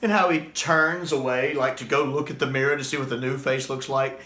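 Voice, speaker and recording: A man giving casual, enthusiastic fan commentary, getting animated when he quotes lines. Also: medium pitch, fairly quick. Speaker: YouTube commentator. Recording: roomy echo.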